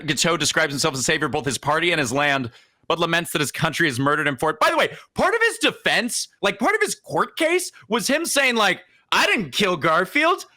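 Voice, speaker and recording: A young man co-hosting a casual podcast, spinning a comic history tale. His voice sits high and swoops widely. The tone is bright, and he keeps breaking into playful mock voices for the people in the story. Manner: animated, jumps into exaggerated quoted voices. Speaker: podcast co-host.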